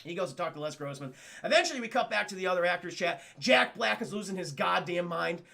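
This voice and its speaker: Talking quickly in a high voice with vocal fry, a man runs through a film's plot for his stream. He curses a lot, gets worked up, and keeps turning to address the chat.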